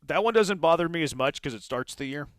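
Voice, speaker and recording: A man's voice: on the high side, lively intonation, fast talker, dry recording. A man hosting a sports talk radio show, opinionated and rambling, with frequent restarts.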